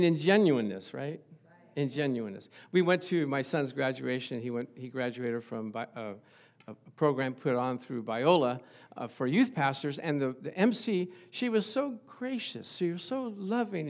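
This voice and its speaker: A middle-aged man preaching a sermon as pastor, animated and calling out for amens. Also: a little high, normal speed. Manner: animated, asks the congregation for amens. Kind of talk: lively sermon.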